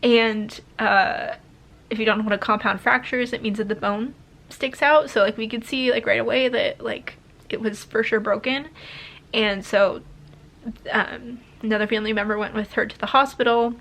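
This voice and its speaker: A woman's voice: on the high side, steady tone, normal speed, gravelly, fairly bright tone. A young woman vlogging a candid life update as a mom, talking in a rambling way full of fillers and restarts, emotional and close to tears at times.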